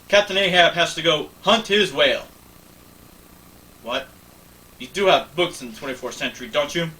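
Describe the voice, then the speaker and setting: Brief: defiant sharp-tongued woman, read by a man, bright tone, far-off mic, faint noise. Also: medium pitch, lightly acted. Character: blunt, scornful young woman, defiant.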